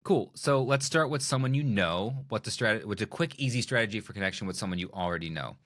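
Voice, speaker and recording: A middle-aged man, a magician and speaker, talking as a podcast guest in a playful, animated way that acts out little scenes of dialogue. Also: on the low side, quick pace. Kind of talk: animated conversational interview.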